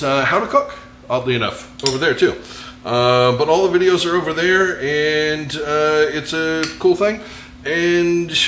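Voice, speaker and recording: A man's voice: fairly high pitch, a bit bright, a little hiss or hum. An American man cooks on camera and chats as he goes, cracking jokes at his own expense. His voice bounces around a roomy kitchen, with the faint clink of cutlery and dishes behind him. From United States. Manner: joking, rambling, self-mocking asides. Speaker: cooking show host. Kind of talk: casual cooking demonstration.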